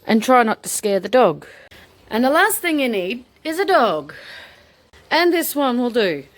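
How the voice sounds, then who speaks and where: A woman casually narrating a how-to video while washing her dog outdoors. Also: a little slow. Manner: chatty, talks to her dog in a very high excited voice. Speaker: vlogger showing how to bathe a dog.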